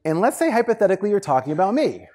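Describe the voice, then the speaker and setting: Guy giving a motivational workshop talk, lively, playful storyteller. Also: high voice, very fast. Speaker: workshop speaker.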